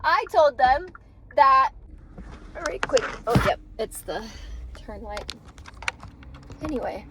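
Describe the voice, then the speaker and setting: High-voiced young woman venting in a car. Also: expressive, slow pace, pauses often, very noisy. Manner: frank and profane, venting. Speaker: vlogger. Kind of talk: casual vlog talk. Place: car, driving.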